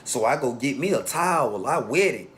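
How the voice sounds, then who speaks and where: A man casually telling a long story in a relaxed street way, acting out the voices of the people in it. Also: mid-range voice, moderate pace, a little hiss or hum. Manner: laid-back street storytelling, acts out quotes.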